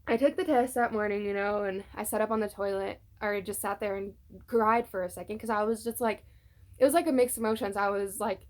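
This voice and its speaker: Speaking to a phone camera set on a tripod at home, a young woman vlogger shares a personal story in casual talk, with many fillers, and is tearful at moments. Her voice is mid-range and darkish, with fairly even intonation and a brisk pace.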